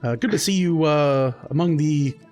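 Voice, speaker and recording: A man's voice: fairly high pitch, normal speed, darkish tone, faint music behind, lightly acted. A man voicing a polite middle-aged male deputy to a warden, courteous and rambling with fillers.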